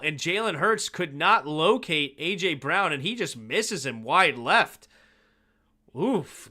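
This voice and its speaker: A man on a home livestream calling a football game play by play, his voice very bright and slightly high. He keeps up a steady call and breaks into loud, excited reactions on big plays. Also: a little slow. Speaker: fan livestream host doing play-by-play. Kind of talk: live play-by-play and analysis.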